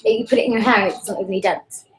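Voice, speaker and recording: A young British woman with an American-tinged accent, chatting casually while getting ready for a live stream. She talks quickly and now and then drops to a whisper. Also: mid-range voice. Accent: British with an American twang. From Britain. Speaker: student host of a live stream. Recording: echoey room with faint noise.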